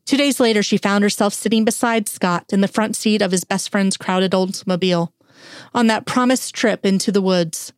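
A woman's voice: mid-range voice, normal speed, dry recording, studio quality. A woman narrating an audiobook in a wry, lightly humorous storytelling manner.

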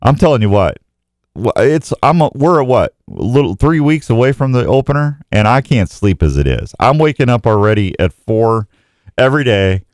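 A man hosting an outdoors show in casual live chat, talking in a folksy, excitable, rambling way. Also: medium pitch, moderate pace, no room sound.

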